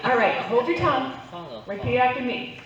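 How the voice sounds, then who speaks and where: A middle-aged woman works a live crowd with a playful stand-up set. Her fairly high voice sits a little back from the mic, and the sound comes through dull. A strong, roomy echo surrounds everything she says. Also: expressive, normal speed, recorded from a distance. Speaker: stand-up comedian. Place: club stage, live audience.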